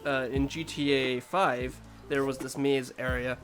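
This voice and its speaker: A man's voice: medium pitch, little pitch movement, unhurried, fairly bright tone, faint music behind. A man co-hosting a casual podcast, telling gaming stories in a rambling way and laughing often. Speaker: podcast co-host. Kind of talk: casual storytelling chat.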